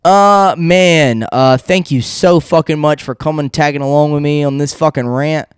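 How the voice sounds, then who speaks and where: A man's voice: fairly high pitch, moderate pace, smooth, dry recording, clean studio sound. A man hosting his own podcast, talking alone in a loose, rambling and heavily profane rant while seated. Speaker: podcast host. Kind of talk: casual solo podcast rant. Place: seated indoors without a backrest.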